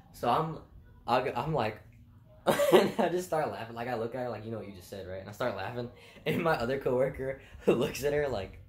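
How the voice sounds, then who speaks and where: A young man casually telling funny stories from his job, often laughing, rambling and swearing. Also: medium pitch. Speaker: vlogger telling work stories. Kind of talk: casual storytelling. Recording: echoey room with faint noise.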